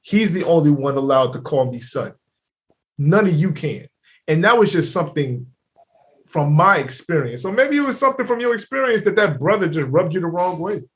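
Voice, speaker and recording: A man's voice: a little high, lively intonation, normal speed. A man co-hosting a podcast in casual chat, rambling with many fillers and speaking emphatically. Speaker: podcast co-host.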